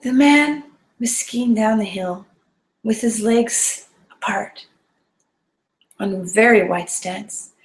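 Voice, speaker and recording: A woman's voice: mid-range voice, takes it slowly, long pauses, echoey room. A woman telling a personal story to an audience, earnest and vivid, sometimes dropping to a whisper. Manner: earnest and vivid, drops to a whisper at tense moments.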